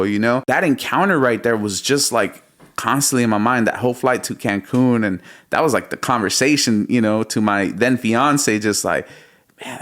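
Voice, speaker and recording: Thirties male guest, mid-range voice, spins an excited story with plenty of slang. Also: mid-range voice. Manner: animated, slangy storyteller, calls the host bro and dog. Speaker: music producer, podcast guest. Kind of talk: casual storytelling interview.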